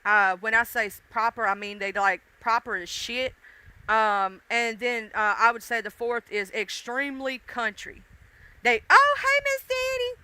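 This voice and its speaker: A woman's voice: fairly high pitch, steady tone, measured pace, sharp tone, clear, resonant tone. A woman with a mixed Southern US accent, hosting a casual live stream and chatting straight to her viewers in a folksy, casually profane way. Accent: Southern US, mixed country and urban. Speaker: livestream host.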